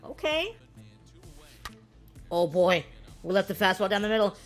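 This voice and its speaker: Excitable woman calling her own game. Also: slow, pauses often, faint music behind. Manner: excitable, yelling reactions between low-key play-by-play. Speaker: gaming video creator. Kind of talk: casual live game commentary.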